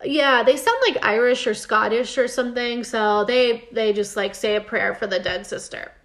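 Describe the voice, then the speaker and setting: A woman's voice: a little high, fairly even intonation, normal speed, a bit bright. A young woman casually recapping a TV episode on a podcast, chatty and full of "like", acting out the characters' lines as she goes. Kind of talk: casual chat.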